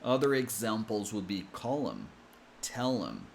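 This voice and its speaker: A man with an American accent, coaching English pronunciation with slow, careful explanations. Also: fairly low pitch, huge pitch swings, vocal fry, slight background noise. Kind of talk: explanatory lesson.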